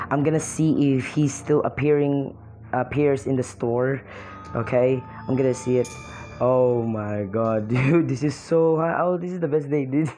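Low, mellow-voiced excitable young woman. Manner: excitable, exclaiming, laughs often. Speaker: mobile game player. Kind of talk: excited gameplay commentary.

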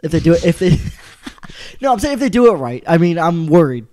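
A young man co-hosting a casual wrestling podcast, loud and animated, laughing often and bickering. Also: fairly high pitch, fairly quick. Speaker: podcast co-host.

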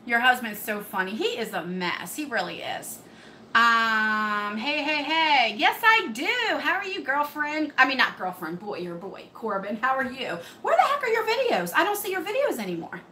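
Woman, live-stream beauty host, chatty, bright voice, echoey home room. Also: high voice, big pitch swings, normal speed, a little hiss or hum. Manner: chatty, reads and answers comments. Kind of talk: live stream chat with viewers. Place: home room under hot lights.

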